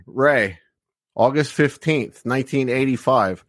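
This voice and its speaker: A man's voice: mid-range voice, unhurried, fairly bright tone, dry recording, studio quality. A man hosting a podcast, talking in an easygoing, rambling way with plenty of fillers. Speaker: podcast host. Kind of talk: casual chat.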